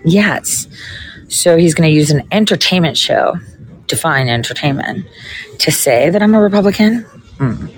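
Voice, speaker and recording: A woman's voice: deep voice, expressive, normal speed, slight background noise, poor audio. A woman, a political podcaster, in a casual ranting monologue full of sarcasm, profanity and mocking asides.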